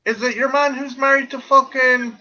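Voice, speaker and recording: A man's voice: very high voice, little pitch movement, normal speed, pushed and bright. A man with an Irish accent in a casual, jokey chat, swearing freely and laughing often. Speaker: friend in a chat. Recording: dull lo-fi sound.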